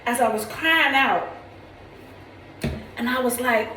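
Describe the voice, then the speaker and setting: Tearful woman testifying to camera, high and impassioned, recorded in an echoey space from a little distance. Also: takes it slowly, long pauses, a little hiss or hum. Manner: preacherly, calls listener "baby", rises into near-shouting praise.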